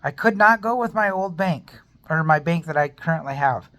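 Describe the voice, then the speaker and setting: A man's voice: fairly high pitch, animated, moderate pace, bright, forceful tone. A man talking to camera in a personal vlog, earnest and rambling as he shares a faith testimony and speaks openly about being in pain. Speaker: vlogger.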